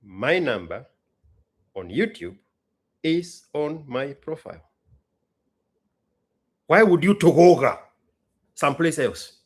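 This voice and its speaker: A man's voice: on the high side, expressive, takes it slowly, pauses often, breathy edge. A man with a Kenyan accent hosting a show, ranting in exasperated, mocking rhetorical questions. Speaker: host. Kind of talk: ranting commentary.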